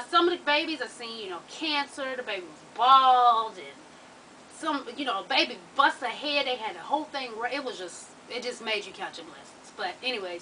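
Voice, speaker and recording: A woman vlogger telling a personal story to her viewers in an animated, profane, slang-heavy way. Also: fairly high pitch, distant mic, slight background noise, rough recording.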